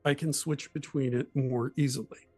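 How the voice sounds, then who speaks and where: A man's voice: medium pitch, steady tone, moderate pace, warm tone, soft background music. A man in a casual panel chat, explaining in a thoughtful way how he plays characters.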